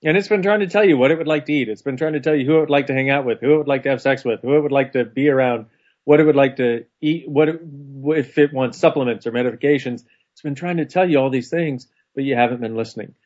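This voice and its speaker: Animated storytelling man, lo-fi. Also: mid-range voice, quick pace. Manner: animated storytelling, laughs often. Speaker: co-host. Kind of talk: casual conversation. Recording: dull lo-fi sound.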